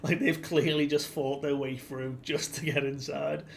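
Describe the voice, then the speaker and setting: A man's voice: on the high side, little pitch movement, moderate pace, gravelly, slight background noise. A man giving a casual, chatty recap of a comic chapter as a reviewer, slipping into the characters' lines as he retells them. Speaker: anime and manga reviewer.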